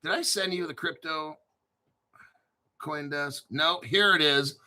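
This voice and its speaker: Excitable, profane New Jersey man. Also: on the high side, takes it slowly. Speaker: crypto channel host. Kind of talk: casual livestream chat.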